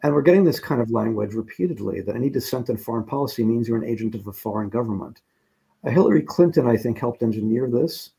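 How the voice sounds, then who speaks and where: Gravelly, husky-voiced male commentator. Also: mid-range voice, animated, mellow. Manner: measured, analytical, critical. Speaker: radio show guest. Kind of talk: political commentary in conversation.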